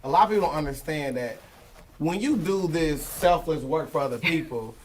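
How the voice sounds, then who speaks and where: Male podcast host, upbeat, lively, fairly high voice, slightly distant mic. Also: moderate pace, slight background noise. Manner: lively, upbeat, gives shout-outs. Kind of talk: casual interview chat. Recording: voice a bit off the mic.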